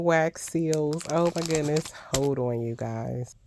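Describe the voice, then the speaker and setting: Older lady vlogger unboxing planner stuff, super low voice, talks slow but keeps gushing. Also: a little hiss or hum. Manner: excitable, gushing exclamations. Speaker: crafting vlogger. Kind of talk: casual unboxing vlog.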